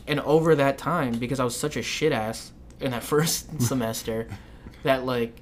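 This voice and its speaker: A young man chatting casually as a podcast co-host. He tells loose, meandering stories and swears freely, at an ordinary middle pitch. A faint rumble sits under the recording. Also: fairly even intonation, normal speed. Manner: loose, rambling storytelling with frequent swearing. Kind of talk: casual chat.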